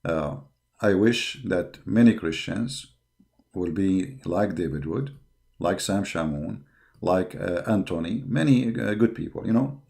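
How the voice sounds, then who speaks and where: A man's voice: low-pitched, lively intonation, measured pace, gravelly, darkish tone. A man hosting an online show, delivering a combative, impassioned monologue full of repeated words and fillers. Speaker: online apologetics show host.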